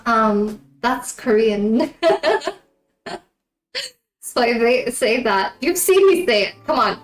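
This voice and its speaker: A woman live streamer chatting casually with her viewers, giggling often between remarks. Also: a little high. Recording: roomy echo, faint background music.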